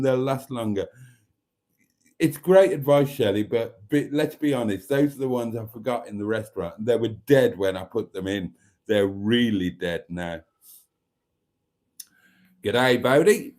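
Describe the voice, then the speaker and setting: A man's voice: mid-range voice, warm tone. Chatty, teasing man hosting a live stream. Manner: chatty, camp and teasing, laughs often. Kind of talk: casual live chat, reading out viewer comments.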